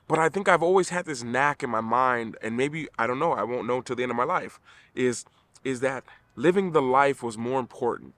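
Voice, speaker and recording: A man's voice: mid-range voice, a bit bright, no echo. A middle-aged man giving an earnest motivational talk to camera, emphatic, often restarting his sentences. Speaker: vlogger.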